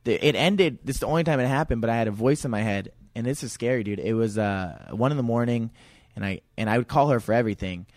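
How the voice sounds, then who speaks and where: A man of middling pitch speaks candidly as a podcast guest, rambling and restarting his sentences as he goes. The sound is dry and close, with no room echo. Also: quick pace. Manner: candid, rambling, repeats words and restarts often. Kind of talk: casual podcast conversation.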